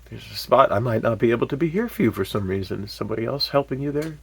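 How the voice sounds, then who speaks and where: A man telling a personal story in a candid, animated way, with frequent fillers and sudden swear words. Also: medium pitch, quick pace, vocal fry, husky. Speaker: vlogger.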